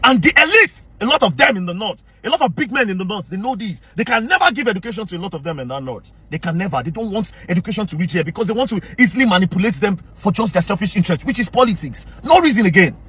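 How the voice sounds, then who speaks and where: Speaking directly to camera in an angry rant, this Nigerian commentator is confrontational and heated, switching between English and Pidgin with a Pidgin-inflected accent. His high, animated voice sounds pushed, bright and husky, with no echo, and he talks fast.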